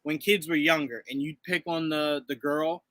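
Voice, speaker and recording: A man in his thirties co-hosting a casual show review, talking in an animated way and acting out voices as he tells stories. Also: on the high side, moderate pace, dry recording. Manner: animated, acts out quoted voices. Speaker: podcast co-host.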